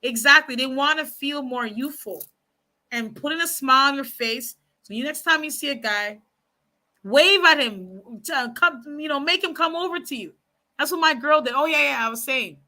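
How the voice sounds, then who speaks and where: Bright lady vlogger, frank dating tips, chatty and animated, talks to her ladies like friends. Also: high voice, normal speed. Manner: chatty, frank, animated storytelling with many asides; speaks to viewers as y'all and ladies. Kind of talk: casual advice chat to camera.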